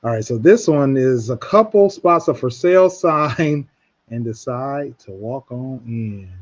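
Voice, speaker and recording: A man's voice: mid-range voice, expressive, a little slow, muffled recording. A man hosting a talk radio show in casual chat, rambling with many restarts.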